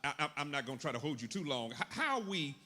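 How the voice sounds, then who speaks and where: A man preaching with a high, bright voice that swings widely in pitch. He calls out lines for the congregation to repeat back. His voice rings with the long reverb of a church hall. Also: fast talker. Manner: animated call-and-response preaching. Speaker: pastor. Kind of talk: sermon. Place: church sanctuary.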